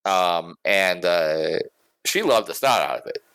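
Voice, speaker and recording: A man with a very deep voice, co-hosting a podcast in a rambling, hesitant way, thick with pauses and fillers. The sound is close and dry. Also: lively intonation, a bit bright, clean tone, dry recording. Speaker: podcast co-host. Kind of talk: casual chat.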